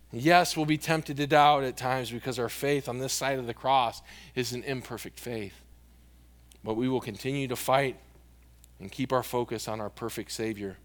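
A man's voice: on the high side, a bit bright. A man preaching a sermon as a pastor, earnest and at times emphatic, then leading a prayer with repeated words. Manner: earnest, rising to emphatic exhortation; repeats words when restarting.

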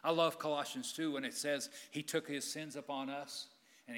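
A man preaching a sermon in a church, his voice bright and ringing as it carries down a long reverberant hall. He talks in a slightly high register and is impassioned, swinging from loud emphasis to hushed quiet. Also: steady tone, moderate pace.

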